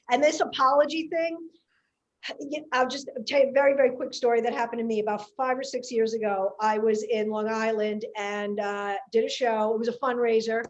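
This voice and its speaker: A woman comedian, telling a story in casual podcast chat, animated and chatty. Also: fairly high pitch, lo-fi sound.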